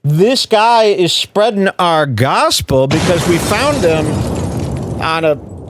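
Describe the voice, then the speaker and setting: A man's voice: high-pitched, sing-song, slow pace, background noise. A man hosting a show, giving wry commentary while he plays clips. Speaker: host.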